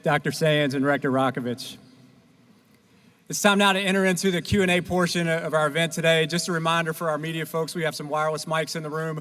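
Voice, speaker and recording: A man's voice: on the high side, fairly bright tone. A man emceeing a press conference and making formal procedural announcements. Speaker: event emcee. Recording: long hall reverb.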